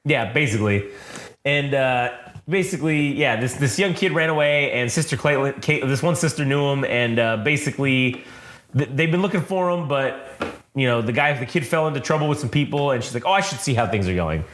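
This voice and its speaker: A man's voice: medium pitch, brisk, fairly bright tone, echoey room. A man on a casual comic podcast, rambling and swearing as he recaps a comic and acts out its characters' lines. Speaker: comic book podcast host.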